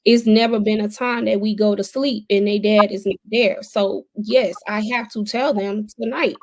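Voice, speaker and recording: A woman's voice: mid-range voice, steady tone, normal speed, hardly any pauses, a little mellow. A young adult woman speaking as a podcast guest, telling her personal story in a candid, conversational way and repeating phrases for emphasis.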